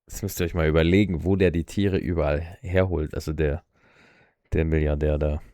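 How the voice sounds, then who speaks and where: A man's voice: very deep voice, fairly even intonation, brisk, warm tone, dry recording, clean studio sound. A man giving casual, laid-back reaction commentary with amazed remarks. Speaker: reaction video host.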